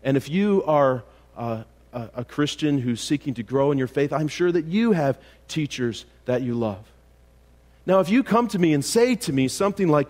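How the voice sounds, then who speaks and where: A man's voice: fairly high pitch, lively intonation, normal speed, a little mellow. Man preaching an emphatic sermon. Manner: rises to emphatic rhetorical questions, with fillers and restarts. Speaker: pastor. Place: church.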